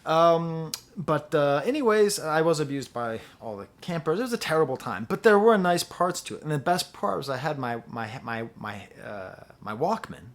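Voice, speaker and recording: A man's voice: a little high, animated, normal speed, few pauses. A man giving a casual spoken album review, rambling and digressive, full of fillers and restarts. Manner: mocks his own reactions in playful voices. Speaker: music reviewer.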